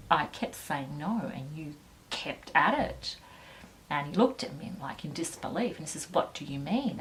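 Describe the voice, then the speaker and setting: Low voiced woman, earnest halting testimony, quiet. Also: slight background noise, poor audio. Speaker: interviewee. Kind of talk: personal testimony.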